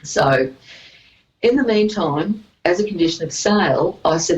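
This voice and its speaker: A woman's voice: on the low side, animated, a little slow, darkish tone, low-quality recording. A woman guest telling a personal story in a casual chat. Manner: storytelling, laughs easily.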